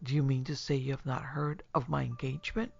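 A woman reading as a feverish young man, gravelly and husky, muttering in dreadful whispers. The voice is quite deep, over a dull recording with faint music behind it. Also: fairly even intonation, fairly quick, exaggerated voice. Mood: cheerful. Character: feverish tormented young male student.

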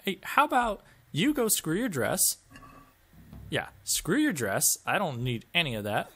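A man narrates his gameplay with sarcastic jokes, frequent laughs and mild swearing. His pitch swings up and down with lots of animation and sits a little high for a man. He sounds like a casual let's-play commentator reacting as he goes. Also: fairly bright tone.

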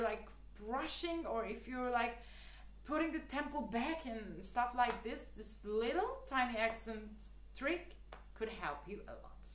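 A woman's voice: a little high, roomy sound. A woman teaching the clarinet in a casual, chatty way, with lots of fillers and earnest, repeated advice. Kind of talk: casual spoken tutorial.

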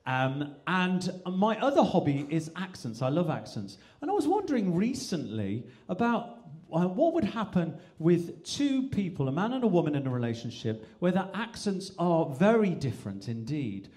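A man from England doing stand-up on a live stage, animated and slipping in and out of mimicked accents. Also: high-pitched, moderate pace. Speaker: stand-up comedian. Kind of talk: stand-up comedy routine.

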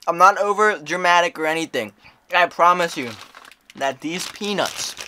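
A man's voice: on the high side, sharp tone. A young man vlogging a candy taste test, dramatic and rambling, full of "like" and "you know". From Maryland, USA. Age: young adult. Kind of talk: casual vlog taste test.

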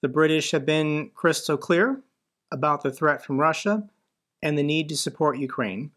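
Blunt American commentator, fairly high voice. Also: male voice, normal speed, a bit bright. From United States. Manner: blunt, indignant. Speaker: host. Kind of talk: political commentary.

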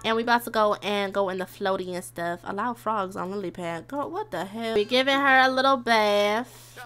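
Over soft background music, a gaming streamer plays a life-sim game and talks directly to her viewers. This young woman's mid-range, slightly bright voice moves at a moderate pace. Her casual Let's Play commentary is chatty and dramatic, full of squeals and laughter.

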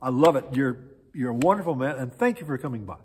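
Starstruck lady gushing at her door, done by a man, high and excited, husky, echoey church. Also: fast. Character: starstruck woman answering her door at night.

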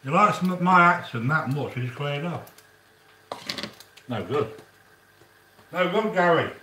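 A man chats his way through a home cooking demonstration, his pitch rising and falling in a lively way. He wanders into rambling asides between instructions, heard from a little way off the mic in a roomy, echoing kitchen. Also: takes it slowly, recorded from a distance, a little hiss or hum. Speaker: home cook.

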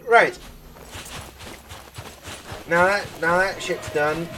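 A man giving casual gameplay commentary, excitable and swearing, with sudden shouts and laughs. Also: high voice, unhurried, distant mic, poor audio. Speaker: gaming video host.

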